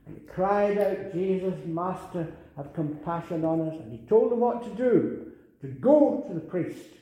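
A man's voice: high-pitched, expressive, unhurried, warm tone. An older man preaching a sermon earnestly, repeating phrases and rising to emphatic calls. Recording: very echoey room.

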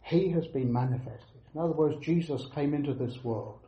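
This sermon comes from an earnest man with a fairly high voice who leans on repetition and pauses to press every point. The sound is echoey and roomy, with a dull, lo-fi quality.

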